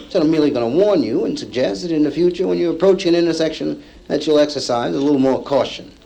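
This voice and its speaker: A male stand-up comedian telling a story to a live audience, acting out the people in it with lively punchlines, from an old vinyl comedy album. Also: fairly high pitch, a little fast, gravelly, rough recording. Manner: acts out characters in the story, lively punchline delivery. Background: audience laughter.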